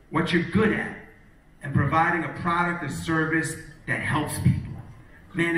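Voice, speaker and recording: A middle-aged man telling an energetic, punchy story to a live audience as a motivational speaker, acting out the quotes. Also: fairly high pitch. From New York, Long Island. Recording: echoey hall, distant mic.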